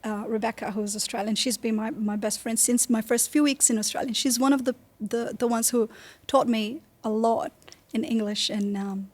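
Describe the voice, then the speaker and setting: A woman's voice: on the high side, fairly even intonation, moderate pace, darkish tone. A woman from Brazil with a Brazilian accent, chatting as a guest in a casual interview and laughing often. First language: Portuguese. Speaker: guest singer.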